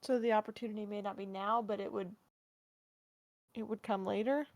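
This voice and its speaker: A woman's voice: mid-range voice, steady tone, normal speed, no echo. A woman playing a tabletop game, making short, earnest remarks. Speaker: player. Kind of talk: casual tabletop game chat.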